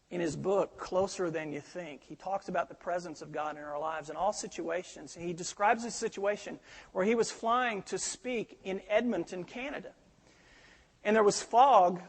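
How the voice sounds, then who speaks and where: A man's voice: sits high, creaky, breathy edge, long reverb tail. A middle-aged male pastor preaching a sermon, telling stories animatedly and acting out the quoted voices.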